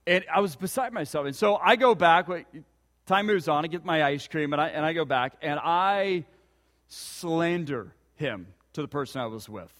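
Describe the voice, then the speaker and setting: A man's voice: a little high, expressive, normal speed, fairly bright tone, long reverb tail. A man preaching a sermon, telling a personal story and asking earnest rhetorical questions. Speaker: pastor.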